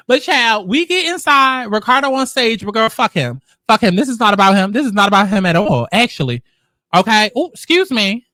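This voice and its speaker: A male host giving casual reality-show commentary with sass and plenty of swearing. His voice sits high and sounds bright and sharp. The recording is dry and close to the mic. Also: no room sound. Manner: sassy, profane, animated storytelling.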